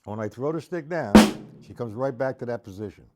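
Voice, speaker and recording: A man teaching a live-streamed drum lesson, patiently explaining and counting rhythms out loud, with faint drumming behind him. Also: medium pitch, animated, fairly quick, over loud music.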